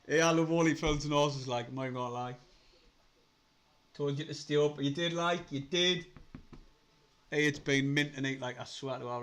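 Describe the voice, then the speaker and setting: A young man with a Sunderland accent, hosting a casual live stream, chatty, laughing often, swearing and getting excitable. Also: mid-range voice. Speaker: livestream host.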